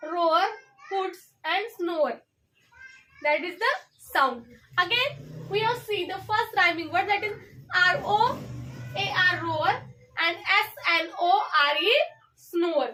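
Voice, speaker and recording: A young woman with an Indian English accent teaches an English class, spelling each word letter by letter. Her voice sits very high and bright, and she talks at a slow, careful pace. She is heard from some distance away from the mic. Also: slight background noise. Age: young adult. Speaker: student teacher.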